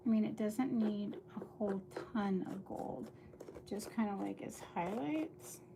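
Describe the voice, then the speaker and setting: A woman's voice: mid-range voice, unhurried, gravelly, background noise. A middle-aged woman chatting casually to viewers on a livestream while she crafts, rambling from one thought to the next.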